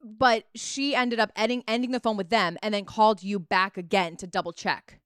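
A woman's voice: medium pitch, fairly even intonation, normal speed, smooth, no echo, clean studio sound. A woman co-hosting a podcast, chatting casually, reacting and joking. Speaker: podcast co-host. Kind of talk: casual chat.

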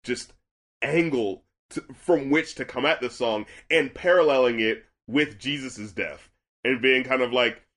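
Young male podcast co-host, casual and animated, swears a lot, rambles with fillers. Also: mid-range voice, measured pace. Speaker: podcast co-host reviewing albums. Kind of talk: casual chat.

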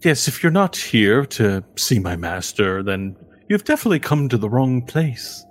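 A man's voice: big pitch swings, moderate pace. A man voicing a formal, welcoming male impresario of a pleasure house in a tabletop game, speaking in a theatrical, courtly manner. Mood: suspicious. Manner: smooth, theatrical, welcoming, raised pitch.

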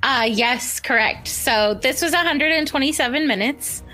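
High, bright woman podcast host. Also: moderate pace, faint music behind. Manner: dry, teasing, laughs often. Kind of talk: casual chat.

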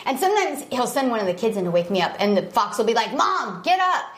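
A woman's voice: mid-range voice, very animated, racing. A woman in her thirties, a podcast co-host, telling a casual story and acting out what people said, laughing often. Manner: chatty storytelling, acts out quotes, laughs often. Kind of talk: casual chat.

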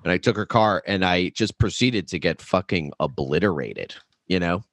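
A man's voice: low-pitched, animated, moderate pace, fairly bright tone, no echo. A young man, a podcast guest, telling a candid, profane story in casual chat.

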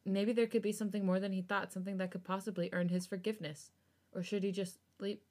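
A woman's voice: medium pitch, level tone, fast, dark tone. A woman podcast host reading fan fiction aloud and breaking off for blunt, joking asides.

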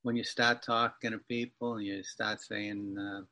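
Wry bright-voiced man in his fifties. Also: lowish voice, level tone, measured pace. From Massachusetts. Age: 50s. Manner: wry, digressive, self-correcting storyteller. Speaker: guest writer. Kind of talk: casual storytelling interview.

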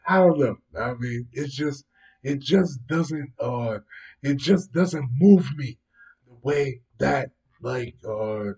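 A man's voice: mid-range voice, a little mellow. A man hosting a casual show, reacting to news stories with dismissive, profane rambling full of fillers. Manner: dismissive, heavy swearing, rambling fillers like "yo" and "know what I mean". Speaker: host commenting on news stories. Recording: voice distant from the mic.

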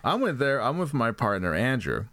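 A man's voice: medium pitch, sing-song, normal speed, fairly bright tone. A man co-hosting a casual comedic chat, rambling and profane as he tells jokey stories. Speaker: podcast co-host.

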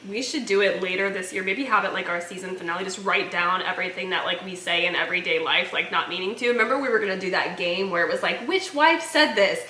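A woman's voice: fairly low pitch, steady tone, fast talker, hardly any pauses, sharp tone. A woman co-hosting a casual chat podcast, telling stories animatedly, acting out quotes and laughing often. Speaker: podcast co-host. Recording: roomy echo.

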